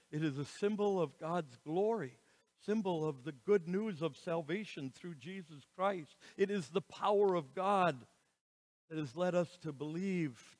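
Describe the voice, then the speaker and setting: A man preaching a sermon as pastor, slow and emphatic, with dramatic rises and falls in his voice. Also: on the high side. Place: church sanctuary. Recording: reverberant church hall.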